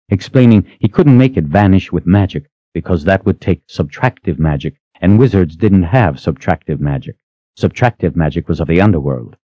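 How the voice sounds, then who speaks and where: A man narrating an audiobook in a measured, even storytelling manner, close to the mic. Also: low-pitched, dry recording, highs cut off. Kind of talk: scripted narration.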